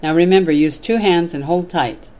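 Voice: mid-range voice, normal speed, darkish tone, natural voice. A narrator voicing a pleading dangling man. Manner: pleading, insistent. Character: desperate clinging man dangling on a rope.

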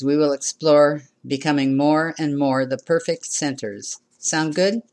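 A minister delivering a sermon in a measured way, repeating phrases and inviting the congregation to respond. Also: medium pitch.

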